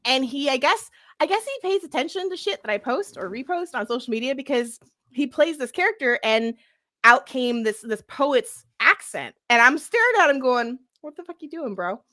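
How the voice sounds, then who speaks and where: A woman's voice: high-pitched, lively intonation, moderate pace, bright, forceful tone. A young woman chatting animatedly as a podcast co-host and game master, laughing often. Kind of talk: casual chat.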